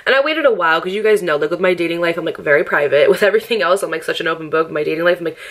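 A woman's voice: lowish voice, racing, a bit bright. A young woman vlogging in a casual chat, candid and upbeat, laughing often, heavy on "like" and swearing freely. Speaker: lifestyle vlogger. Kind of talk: casual get-ready-with-me chat.

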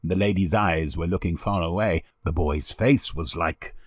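A man narrating an old storybook in an expressive, lively way. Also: low voice, moderate pace, no room sound, clean studio sound. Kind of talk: storybook reading.

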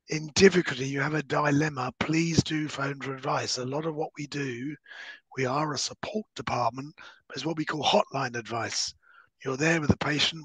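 A hoarse man, a solicitor giving a measured, explanatory webinar talk over a video call. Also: on the high side, a bit bright, no echo, rough recording. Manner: measured, explanatory, dips into breathy near-whispers. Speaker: solicitor giving legal advice. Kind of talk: webinar presentation.

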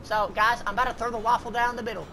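A woman gamer talking loud, goofy and profane in online party chat, drawling "y'all" and "feller". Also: on the high side, little pitch movement, racing, noisy background. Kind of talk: rowdy party chat while gaming.

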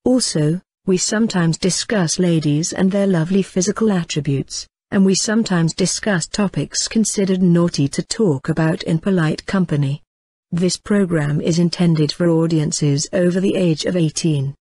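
Man reading a husky, dry warning. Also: high-pitched, moderate pace, a little mellow, no echo. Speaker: announcer. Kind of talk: scripted content warning.

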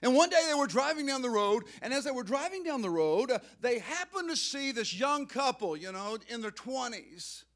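A male pastor preaching a sermon in a church, emotional and excitable, rising to loud outbursts. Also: very high-pitched, normal speed, hardly any pauses. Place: church sanctuary.

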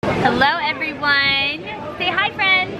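A woman's voice: high-pitched, slow pace, a loud crowd, very noisy. A woman chatting casually to the camera for a family vlog, upbeat and talking with kids. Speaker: family vlogger. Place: outdoor pool.

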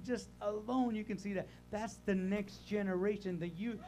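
An older male pastor delivering a sermon in a church sanctuary. His voice sits high for a man, and he swings between loud, animated bursts and quiet, low stretches. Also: normal speed, few pauses, faint music behind.

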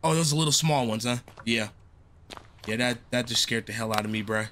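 A man's voice: medium pitch, a little fast, a bit bright. A young man doing casual let's-play commentary, jumpy and slangy, exclaiming often. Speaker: gaming streamer.

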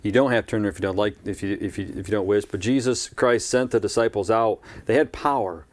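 A man's voice: fairly low pitch, fast, dry recording. A man preaching a live-streamed church sermon in a conversational way, with asides and repeated phrases.

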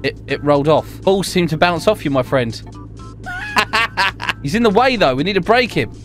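Young male gaming host, jokey and excitable, lively high-ish delivery. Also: fairly quick, faint music behind. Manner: excitable, jokey, laughs often. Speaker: gaming YouTuber. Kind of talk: live gameplay commentary.

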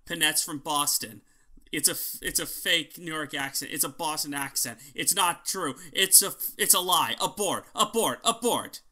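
A man co-hosting a podcast in loose, casual chat. His voice is slightly high and very bright. He rants with strong opinions and swears freely. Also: moderate pace. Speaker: podcast co-host.

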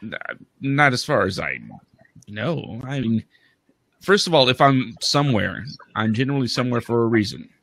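A man's voice: medium pitch, animated, moderate pace, a bit bright. A man on a panel speaks in a hesitant, reflective way about meeting people. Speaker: panel guest. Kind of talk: casual panel chat.

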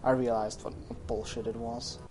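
A man's voice: mid-range voice, level tone, moderate pace, darkish tone, a little hiss or hum. A man streaming a game, chatting casually, rambling and often correcting himself. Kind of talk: casual gaming livestream chat.

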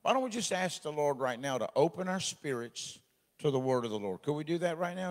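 A man preaching a midweek sermon, folksy and joking, swelling into loud exhortation. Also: fairly high pitch, animated, quick pace, long reverb tail. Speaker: pastor. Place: church sanctuary.

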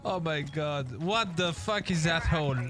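A man's voice: fairly high pitch, measured pace. A French man with a French accent, a game streamer in casual voice chat, teasing and swearing. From France. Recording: background music.

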